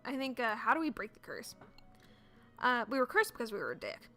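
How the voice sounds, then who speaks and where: A woman's voice: fairly high pitch, huge pitch swings, a little fast, sharp tone, soft background music. A woman casually commenting on and reading out a story game she is playing. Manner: casual and chatty, reads text aloud. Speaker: game streamer.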